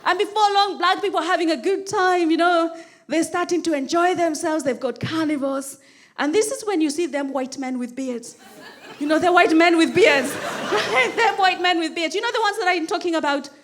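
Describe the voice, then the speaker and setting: A woman's voice: very high-pitched, normal speed, a faint crowd. A woman doing a stand-up comedy routine, laughing often and acting out characters in squealing voices. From Kenya. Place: comedy stage before a live audience.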